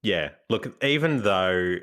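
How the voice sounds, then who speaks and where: Animated Australian man telling stories. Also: fairly low pitch, slow. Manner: animated storyteller, laughs often, acts out voices. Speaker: podcast co-host. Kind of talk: casual chat.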